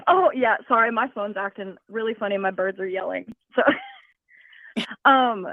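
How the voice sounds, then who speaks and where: A woman's voice: medium pitch, normal speed, no room sound. A woman calling in to a show to tell a personal story, giggly and scattered, heard over a tinny phone line. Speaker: caller. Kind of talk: telling a personal story on a call-in.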